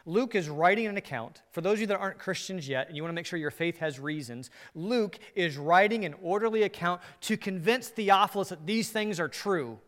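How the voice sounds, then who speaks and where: A man's voice: high-pitched, fairly quick, few pauses. Preaching man in a reverberant church hall. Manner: swings from animated to hushed and earnest. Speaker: pastor. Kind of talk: sermon.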